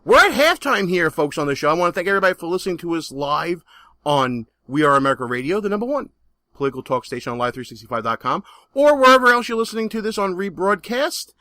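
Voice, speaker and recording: A man's voice: high voice, big pitch swings, fast, sharp tone, no room sound. A man with a Brooklyn accent hosting a political talk radio show, brash and jokey as he plugs the show.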